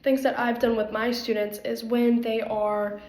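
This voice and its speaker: A woman's voice: a little high, little pitch movement, measured pace, darkish tone, reverberant. A young adult woman giving earnest, rambling interview answers as an applicant for a campus guide role, with frequent fillers. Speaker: applicant for first year guide.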